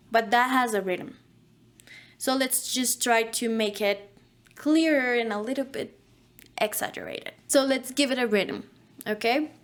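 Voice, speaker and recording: A woman teaching an online voice acting course, speaking in an instructive way and demonstrating diction drills. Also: on the high side.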